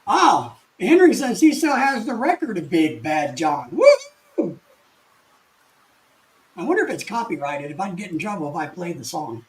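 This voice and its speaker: Chatty older man with a high voice. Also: big pitch swings, a little fast, few pauses, low-quality recording. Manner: folksy, chatty, frequent restarts and chuckles. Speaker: live stream host. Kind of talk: casual live stream chat reading comments.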